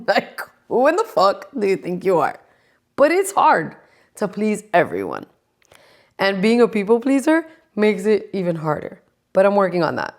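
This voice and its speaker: Woman, forties, vlogger, casual chat, gravelly voice, blunt and cussing. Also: medium pitch, expressive, moderate pace. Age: 40s. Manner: blunt, profane and sassy.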